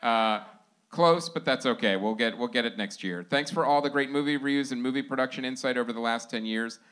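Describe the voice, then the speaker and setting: A man hosts a live podcast show and reads shout-outs to the audience. He talks loosely and informally, laughing and joking between the plugs, at an everyday middle pitch. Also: a little fast, smooth. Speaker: podcast host.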